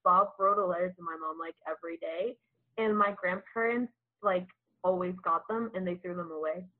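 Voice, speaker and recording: A young woman in casual chat, telling family stories in an animated, laughing way. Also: fairly low pitch, normal speed. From Mexican family. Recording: tinny phone-like sound.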